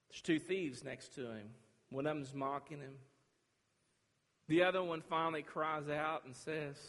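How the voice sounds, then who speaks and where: A man preaches in a big reverberant sanctuary, his voice a little higher than most men's. He swings from loud, driving declarations to hushed, intimate lines. The long hall reverb trails after each phrase. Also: a little slow. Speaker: pastor. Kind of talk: sermon.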